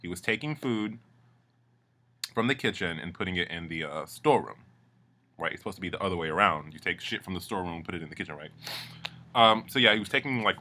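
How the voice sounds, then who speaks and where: A man's voice: sits low, sharp tone. A man casually recapping a reality show, chatty and gossipy, swearing freely. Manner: chatty, gossipy, lots of fillers.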